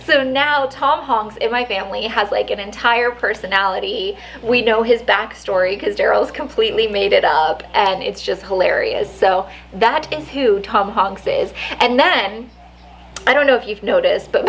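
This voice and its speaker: A woman's voice: mid-range voice, moderate pace, gravelly, a little hiss or hum, low-quality recording. A woman vlogger telling a story in a chatty way, laughing often and saying "like" a lot. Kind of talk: casual storytelling vlog.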